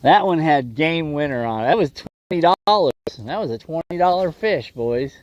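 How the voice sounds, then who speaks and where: A man's voice: fairly high pitch, animated, normal speed, a little mellow, muffled recording. A man hosting a fishing livestream from a windy lake, chatting casually and joking with his viewers, laughing often.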